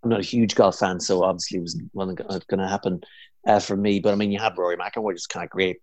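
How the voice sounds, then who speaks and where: A man's voice: low-pitched, steady tone, fast, a little mellow, dry recording. Rambling man, dry close sound. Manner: rambling, hesitant, lots of fillers and restarts. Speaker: impressionist guest. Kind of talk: casual chat.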